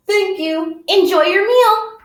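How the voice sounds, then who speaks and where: A woman's voice: very high voice, slow pace, reverberant, pitched above the performer's own voice. A woman acting as a cheerful pretend restaurant server, greeting and serving a customer with overly polite, sing-song lines.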